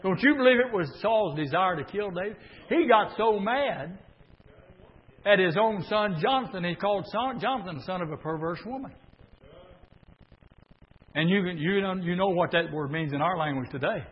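A man preaches from the pulpit, his high voice rising into shouted declarations. The sound lingers in the long reverb of a church. The recording is muffled and dull. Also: animated, moderate pace, pauses often. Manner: preaching that swells into shouted bursts. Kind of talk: sermon.

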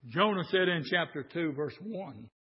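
A man preaching a sermon, building into shouted, hoarse bursts. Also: fairly high pitch, expressive, normal speed. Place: church with congregation. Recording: lo-fi recording in an echoey church.

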